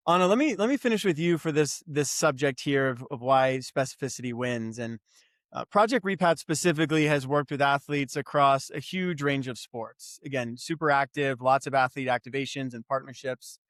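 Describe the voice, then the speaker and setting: A man's voice: medium pitch, moderate pace, a bit bright, no room sound, studio quality. A man hosting an interview, affirming his guests and thinking aloud with restarts. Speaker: podcast host. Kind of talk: conversational interview.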